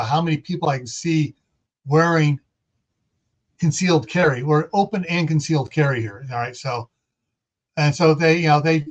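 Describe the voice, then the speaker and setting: A man hosting a casual livestream, chatting in a rambling, folksy way. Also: on the high side. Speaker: livestream host. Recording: dull lo-fi stream audio.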